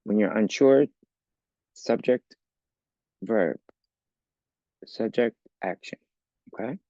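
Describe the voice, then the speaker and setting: A man's voice: on the low side, slow, dark tone, no room sound, dull audio. A man teaching an English lesson for learners, explaining patiently step by step and often checking with "okay?". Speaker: ESL teacher.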